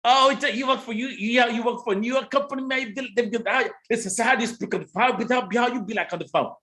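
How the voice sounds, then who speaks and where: A man's voice: extremely high pitch, fast talker, pushed and bright. A man with a Kenyan accent hosting a live stream, chatting casually and teasing his viewers. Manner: teasing, playful, bantering.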